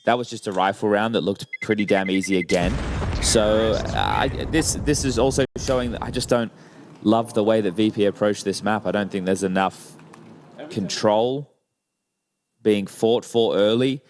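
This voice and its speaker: A man's voice: fairly low pitch, normal speed, background noise. A man giving analytical color commentary on an esports match. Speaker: esports caster.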